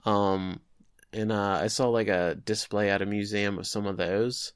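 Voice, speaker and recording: A man's voice: on the low side, steady tone, unhurried, smooth, no echo, studio quality. A man co-hosting a podcast, chatting casually and joking as he recaps an anime episode, with lots of fillers. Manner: joking, chatty, thinks aloud with many fillers. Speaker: podcast co-host.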